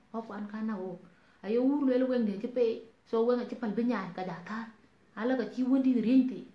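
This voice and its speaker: A South Sudanese woman talking earnestly to viewers in a casual live stream, pleading and switching between languages. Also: fairly high pitch. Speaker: online talk host. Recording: roomy, dull lo-fi sound.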